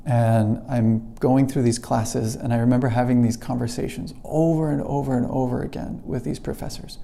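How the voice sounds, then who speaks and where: Gravelly, very dark-voiced man telling his story. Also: mid-range voice, steady tone, a little hiss or hum. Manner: earnest, slows down and drops to a hush at emotional moments. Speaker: English teacher. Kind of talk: personal storytelling to camera.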